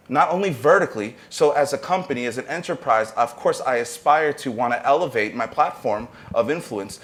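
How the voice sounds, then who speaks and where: Guy on a panel talking up entrepreneurship, earnest, pep-talk vibe, normal pitch. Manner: earnest, motivational, with brief restarts. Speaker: panelist, arts entrepreneurship professor.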